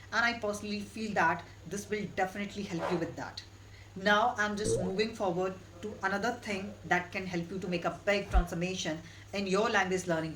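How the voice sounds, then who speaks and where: A woman giving an online English lesson in a steady, instructive way, repeating her key points. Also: medium pitch, noisy background. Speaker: English teacher.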